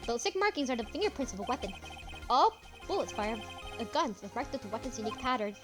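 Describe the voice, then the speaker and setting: A woman voicing a confident young male defense lawyer from a courtroom game, speaking in a measured, pressing way. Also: fairly high pitch, very animated, music in the background. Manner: measured, building to triumphant.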